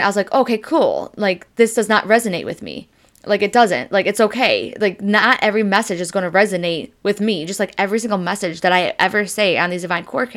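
A woman's voice: mid-range voice, fairly bright tone. A woman hosting a psychic podcast, reading oracle cards in a loose, chatty way, full of "like" and "you know", and moved close to tears. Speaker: psychic medium podcast host. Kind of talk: casual oracle card reading.

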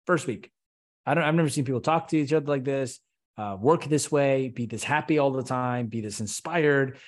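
A man's voice: medium pitch, moderate pace. Passionate man talking about leadership. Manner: passionate, animated, rhetorical questions. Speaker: podcast guest, company CEO. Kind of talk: conversational interview.

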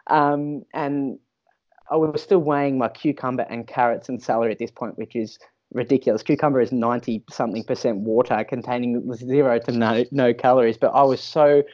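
A man's voice: mid-range voice, a little mellow, dull audio. A man, a fitness professional, speaking as a podcast guest and sharing a personal story candidly, often restarting and repeating words.

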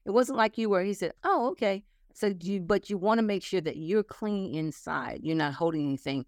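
A woman's voice: lowish voice, brisk, a little mellow, dry recording, clean studio sound. A woman in her sixties, an interview guest, telling family stories earnestly and acting out the dialogue. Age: 60s. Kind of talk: casual faith-based conversation.

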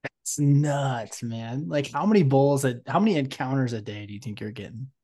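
Casting: male podcast host, mid-range voice, relaxed interviewer chiming in, dry close mic. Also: mid-range voice, no room sound. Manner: quick supportive interjections, laughs along. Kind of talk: casual interview chat.

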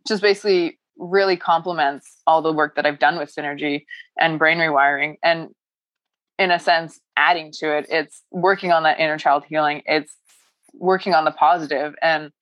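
A woman's voice: low-pitched, fairly even intonation, normal speed, dry recording, highs cut off. A woman talking about her personal growth as a coaching client, emotional and laughing often as she rambles. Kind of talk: casual heartfelt chat.

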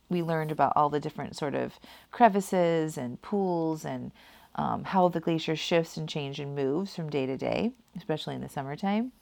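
A woman's voice: low voice, creaky, darkish tone. A woman casually telling a personal story, rambling with many fillers and laughing at herself. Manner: rambling, heavy use of "like" and "kinda".

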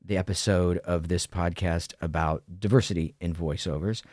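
A man hosting an interview podcast, talking casually in a chatty, lively way. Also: sits low, moderate pace, dry recording, studio quality. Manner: lively, chatty, laughs often. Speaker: podcast host.

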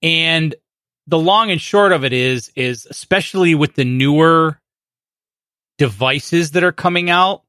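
A man on a casual tech podcast talks in a measured, agreeable way and often restarts his sentences. His voice is slightly high and bright. The sound is dry and close. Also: no room sound. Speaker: podcast co-host.

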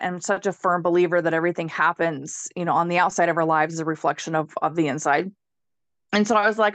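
A woman guest on a podcast, a healer, telling her own story in a candid, animated way, laughing often and swearing freely. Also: lowish voice, fast talker, no echo. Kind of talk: casual storytelling in a conversation.

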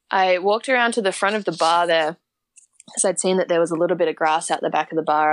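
A woman's voice: lowish voice, no room sound. A young Australian woman telling a story in a casual interview, chatty, with frequent laughs and fillers. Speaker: guest.

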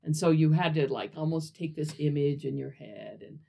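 A woman's voice: low-pitched, moderate pace, gravelly, mellow, husky. Chatty woman co-host explaining. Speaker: podcast co-host. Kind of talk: casual chat.

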